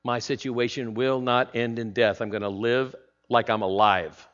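A male pastor preaching a sermon, swinging between hushed, slow phrases and loud, emphatic declarations. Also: medium pitch, fairly even intonation. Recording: slightly dull lo-fi sound.

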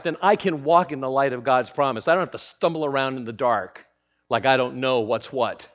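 Give me a male pastor delivering a sermon with dramatic shifts from hushed to emphatic, slightly muffled sound. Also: mid-range voice.

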